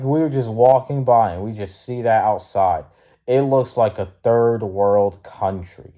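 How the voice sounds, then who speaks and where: Sleepy philly guy, slow and mellow, rambling with lots of likes. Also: lowish voice. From Philadelphia, USA. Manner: rambling, many fillers, blunt and profane when heated. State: sleepy, yawning. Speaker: student vlogger. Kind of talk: casual storytelling.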